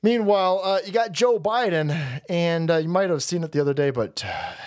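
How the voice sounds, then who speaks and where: Hosting a stream, this man launches into a crude, profane political rant, rambling, mocking, laughing at his own jokes, and trailing off into muttered asides. His voice is on the high side, animated and a little mellow, at a moderate pace.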